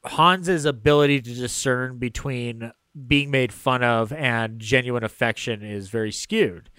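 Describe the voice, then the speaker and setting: A man's voice: medium pitch, unhurried, fairly bright tone, smooth, dry recording. A man co-hosting a casual film podcast, recapping scenes in a rambling way with lots of fillers. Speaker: podcast co-host.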